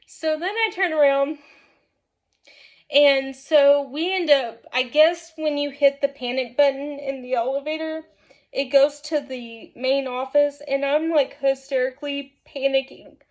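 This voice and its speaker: Brief: woman vlogger with a high voice, casual storytime, rambling, lots of "like". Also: unhurried. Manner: rambling, filler-heavy with frequent "like"; animated, laughs often while telling.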